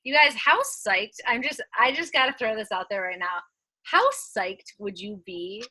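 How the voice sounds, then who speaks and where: Bright, upbeat woman hosting a call. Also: fairly high pitch, no room sound, poor audio. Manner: upbeat, enthusiastic, fast. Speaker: team call host. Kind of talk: casual video call hosting.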